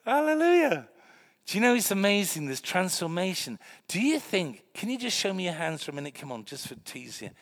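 A man preaching a sermon, telling stories and swinging from hushed to loud. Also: sits high, brisk, few pauses. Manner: animated, swings from quiet to loud. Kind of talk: sermon with storytelling.

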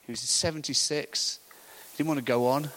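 A middle-aged man telling an animated story in a sermon, acting out the voices of the people in it. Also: mid-range voice, normal speed, poor audio. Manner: animated storytelling, acts out voices, laughs often. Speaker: preacher. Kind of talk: sermon anecdote.

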